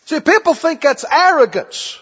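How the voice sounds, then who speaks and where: A male preacher delivering a call-and-response sermon, with folksy phrasing and shouts on key lines. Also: extremely high pitch, expressive, moderate pace. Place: church sanctuary. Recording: lo-fi hall recording. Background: congregation responding.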